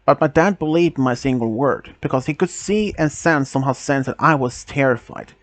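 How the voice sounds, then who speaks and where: A man casually narrating a first-person story, halting and restarting often, with non-native phrasing. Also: medium pitch, dry recording.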